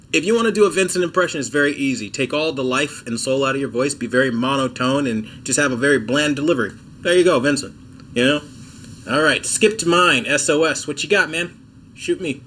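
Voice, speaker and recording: A man with a fairly high, sharp voice runs a relaxed TV tech livestream at home despite being ill, coughing and clearing his throat. He jokes at his own expense while chatting with viewers, and there's slight background noise.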